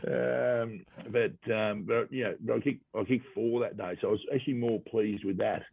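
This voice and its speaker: A man's voice: on the low side, fairly even intonation, normal speed, vocal fry, husky, dry recording. A man from Western Australia with an Australian accent, a former footballer telling rambling, laughing anecdotes as an interview guest. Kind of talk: casual storytelling interview. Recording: tinny phone-like radio sound, dry.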